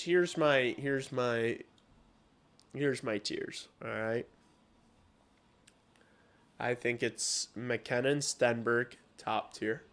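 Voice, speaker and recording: A man's voice: medium pitch, extremely slow, long pauses. Profane, ranting male hockey streamer. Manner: blunt, profane banter with chat, rising into loud rants. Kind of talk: casual live-stream hockey watch-along chat.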